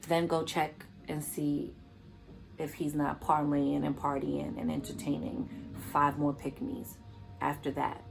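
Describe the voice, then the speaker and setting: Gravelly-voiced woman giving emphatic advice. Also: sits low, monotone, takes it slowly, music in the background. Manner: emphatic, repetitive, preachy. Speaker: vlogger. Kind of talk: motivational vlog commentary.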